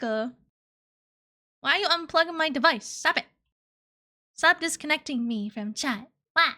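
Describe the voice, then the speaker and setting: A young woman streamer chatting playfully with her live chat, giggly and cutesy. Her voice sits high and sounds bright and sharp. She drifts into baby talk and reads messages aloud between laughs. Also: a little slow, long pauses. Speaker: VTuber streamer.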